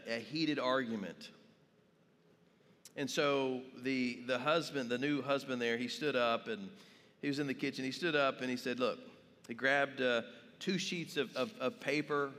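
Pastor guy giving a sermon in a church, slow and drawn out, long hall echo. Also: mid-range voice, a bit bright. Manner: asks the congregation questions, tells stories. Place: church sanctuary.

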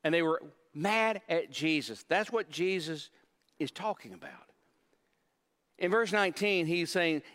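High-voiced man preaching in a reverberant hall. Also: expressive, a little slow, fairly bright tone. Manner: earnest preaching with stammered repeats. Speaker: pastor. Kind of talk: sermon.

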